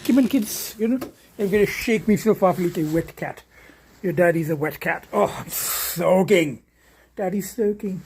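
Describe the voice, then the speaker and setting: Very breathy, mellow-voiced man vlogging. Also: high-pitched. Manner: halting, trails off, drops to near whispers. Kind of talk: casual vlog talk to camera.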